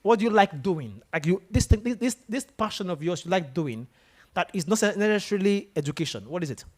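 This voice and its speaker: Lively, animated male motivational speaker. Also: high-pitched, fairly quick. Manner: animated, asks the room questions. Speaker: guest speaker. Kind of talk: motivational talk to students. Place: lecture room with an audience.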